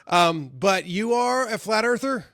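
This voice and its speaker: A man's voice: high voice, expressive, unhurried, a bit bright, dry recording, clean studio sound. A man hosting a podcast interview, talking casually and bluntly with plenty of swearing. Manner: blunt, profane, laid-back. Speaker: podcast host.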